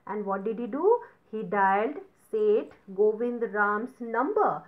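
A woman's voice: mid-range voice, lively intonation, narrow, tinny audio. A woman teacher reading a story to children, stopping to explain words and retell each passage in simpler terms. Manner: explains words slowly, repeats and paraphrases.

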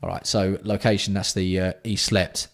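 A man hosting a casual livestream, bantering with chat and swearing freely while keeping his voice fairly hushed. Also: deep voice, little pitch movement, normal speed, gravelly. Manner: banter-filled, sweary, reads out and answers chat. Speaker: livestream host.

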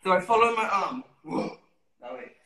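A man's voice: high-pitched, expressive, normal speed, sharp tone, slight background noise. A man teaching a dance routine over a video call, counting beats and scatting the steps. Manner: counts steps aloud with sung syllables. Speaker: dance instructor. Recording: very echoey room.

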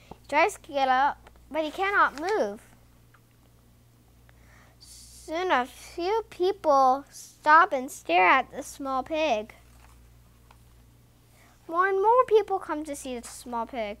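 A woman with a high-pitched voice reads a children's picture book aloud, using an expressive, sing-song storytelling style. She goes slowly and leaves long pauses.

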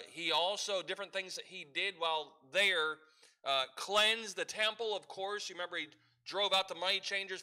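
Pastor guy preaching, high bright voice, leads the church in call and response. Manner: leads the congregation in call-and-response, reads scripture aloud. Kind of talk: sermon.

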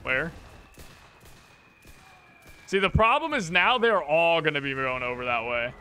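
Excitable young-sounding man doing gameplay commentary. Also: on the high side, unhurried, slight background noise. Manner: excitable, reactive, jokey, exclaims often. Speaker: gaming channel host. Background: gunfire and explosions from the game.

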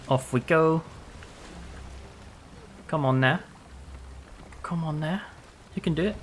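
A man's voice: mid-range voice, fairly bright tone, a little hiss or hum. A man streaming a game, giving casual gameplay commentary, playful, swearing often and laughing a lot.

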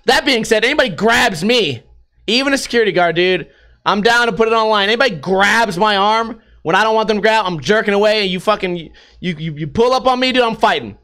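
A man delivering a casual vlog monologue, animated and full of swearing. His voice is high-pitched and bright. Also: a little fast. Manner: profane, animated storytelling with laughs. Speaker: vlogger.

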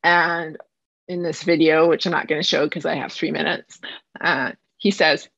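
A woman high school math teacher from Canada giving a live online presentation, speaking fast and earnestly with slight nerves, from home over a video call. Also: level tone, creaky, fairly bright tone, no room sound, highs cut off.

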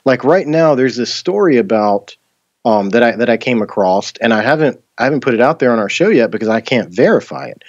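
A man's voice: mid-range voice, lively intonation, a little fast, no echo, lo-fi sound. A man hosting a podcast in casual chat, rambling with many fillers and restarts. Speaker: podcast host.

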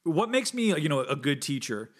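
A man's voice: fairly high pitch, big pitch swings, normal speed. A man in his thirties hosting his own podcast, talking in an earnest, rambling way with lots of fillers and casual swearing. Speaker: podcast host and guitar teacher. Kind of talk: casual solo podcast monologue.

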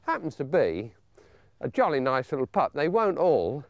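An older English man with a genial, chatty manner, explaining dog training and coaxing a pup in a high sing-song. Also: very animated, moderate pace, darkish tone, no echo, dull audio. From England. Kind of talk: outdoor training demonstration.

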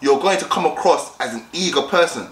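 A man's voice: fairly high pitch, lively intonation, a little fast, reverberant. A young man giving dating tips in a casual vlog, talking directly and acting out both sides of conversations. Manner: direct, repetitive, acts out both sides of chats.

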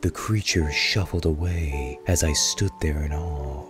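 A man reading a scripted horror story aloud as narrator, in a slow, measured, hushed storytelling manner. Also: a bass voice, music in the background.

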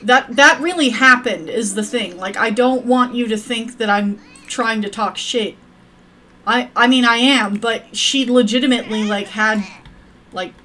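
A woman's voice: on the high side, measured pace, pauses often, pushed and bright. A woman streaming a game, rambling to her viewers and cursing at her characters in crude, profane chat. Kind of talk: casual gameplay commentary.

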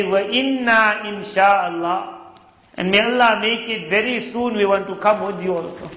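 Man, sermon, high voice, gravelly, storytelling, echoey hall. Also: fairly bright tone. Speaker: Islamic preacher. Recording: echoey hall, dull lo-fi sound.

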